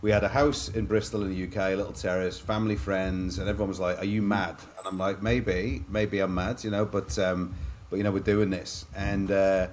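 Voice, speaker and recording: A man's voice: deep voice, little pitch movement, brisk, hardly any pauses, a little mellow, a little hiss or hum. A middle-aged man from Liverpool with an English accent, a podcast guest telling his own stories in a chatty, anecdotal way and calling the host "mate". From Liverpool, England. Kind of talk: candid storytelling in a podcast interview.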